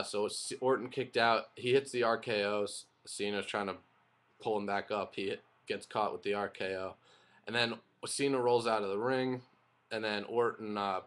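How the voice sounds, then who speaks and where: Rambling young man with a low voice. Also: fairly bright tone. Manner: rambling, opinionated, frequent fillers and restarts. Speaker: wrestling show reviewer. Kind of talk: casual spoken recap and review.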